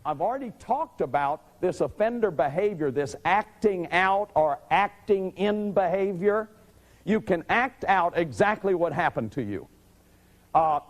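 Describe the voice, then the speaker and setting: A middle-aged man giving an earnest, confessional lecture on family therapy, often repeating his key phrases. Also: sits high. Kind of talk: lecture to a live audience.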